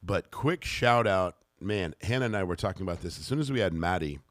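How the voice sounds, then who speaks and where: A man co-hosting a casual podcast chat, supportive and quick to agree. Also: deep voice, animated, no echo, studio quality. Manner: supportive, lots of agreeing backchannel. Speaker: podcast co-host.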